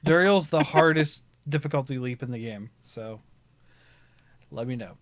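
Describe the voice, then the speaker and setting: A man hosting a casual gaming podcast who tells rambling, animated stories and laughs often. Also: mid-range voice, moderate pace, no echo. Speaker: podcast host. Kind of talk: casual storytelling chat.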